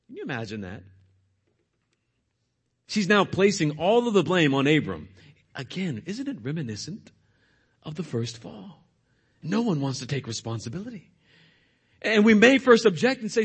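Expressive, husky-voiced male preacher. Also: on the high side, normal speed, pauses often. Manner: expressive, retells scripture dramatically. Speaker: pastor. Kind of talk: sermon.

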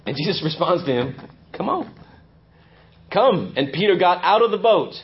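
A male pastor preaching a sermon, swinging between loud emphasis and hushed intensity. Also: high-pitched, lively intonation, fast, highs cut off, noisy background. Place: church.

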